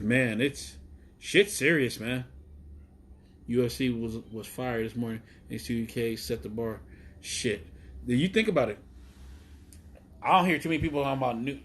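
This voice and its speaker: A man from Chicago hosting a casual live stream outdoors, talking in a profane, excitable, rambling way about wrestling. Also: medium pitch, breathy edge. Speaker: wrestling show host. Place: outdoors in the heat.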